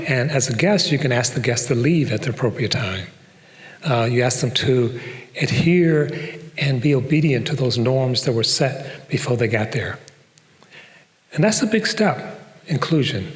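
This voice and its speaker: A man's voice: mid-range voice, expressive, a little slow. An older man from Detroit giving a conversational public talk as a professor, with frequent fillers and asides. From Detroit, USA. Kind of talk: lecture to a live audience. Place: performing arts center stage. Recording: long hall reverb.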